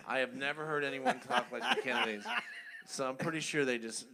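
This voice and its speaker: A man chatting as a guest on a comedy podcast, animated and quick to slip into impressions. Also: fairly high pitch, gravelly, heavy background noise. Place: podcast studio.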